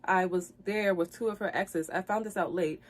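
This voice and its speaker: A woman's voice: fairly low pitch, steady tone, normal speed. Upset woman recounting a breakup. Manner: addresses viewers directly, repeats phrases, grows loud and heated when recounting fights. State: upset, near tears. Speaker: streamer telling her side of a breakup. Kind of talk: emotional live-stream storytelling.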